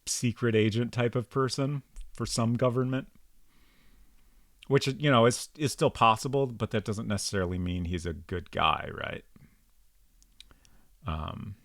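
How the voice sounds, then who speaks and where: A man's voice: medium pitch, unhurried, long pauses, a bit bright, no room sound, studio quality. A man streaming an old detective game, thinking aloud in a casual, rambling way with frequent ums as he works things out. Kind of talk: casual let's-play commentary.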